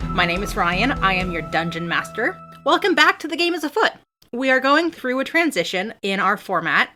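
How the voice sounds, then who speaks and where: A woman hosting and running a tabletop game as dungeon master, with a quick, playful, animated way of talking. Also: medium pitch, faint music behind.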